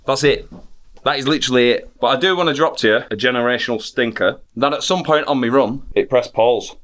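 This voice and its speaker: A man's voice: medium pitch, brisk, a bit bright. Chatty blunt British man vlogging. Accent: British English. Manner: chatty and blunt, with mild swearing. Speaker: daily vlogger. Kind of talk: casual vlog chat.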